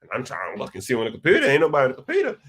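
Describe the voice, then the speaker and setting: A young man hosting a live chat, reading viewer comments and telling stories in a slangy, animated way. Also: very fast, slightly rough. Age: young adult. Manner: animated, slangy storytelling with big pitch jumps. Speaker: host of a live chat session.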